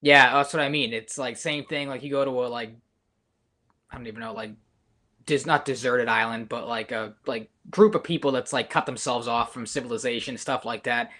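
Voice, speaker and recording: A man's voice: medium pitch, steady tone, moderate pace, pushed and bright. Young dude on a sports podcast, rambly, keeps restarting his sentences. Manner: rambling, self-correcting. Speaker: podcast co-host. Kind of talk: casual sports chat.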